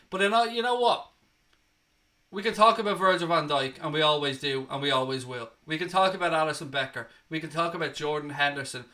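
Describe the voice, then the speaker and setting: A young man hosting a football reaction show, excitable and out of breath, calling out to his viewers as ladies and gentlemen. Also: a little high. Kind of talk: energetic post-match reaction.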